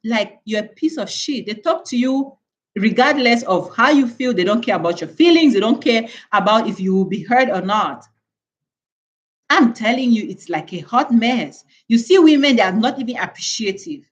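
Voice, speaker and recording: A woman's voice: fairly high pitch, expressive, normal speed, highs cut off. A woman from Cameroon hosting a live stream, lecturing her viewers in an emphatic way and repeating words for stress. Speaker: channel host.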